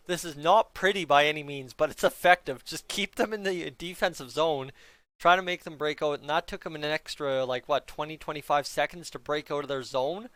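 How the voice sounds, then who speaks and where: A young man talks his viewers through a hockey game in casual, chatty play-by-play, tossing in jokes and side comments. His voice sits a little high and sounds smooth and clear. The recording is dry and close. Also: fairly bright tone, no room sound. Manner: chatty, joking asides to viewers. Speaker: fan streamer reacting to a hockey game. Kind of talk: casual play-by-play reaction chat.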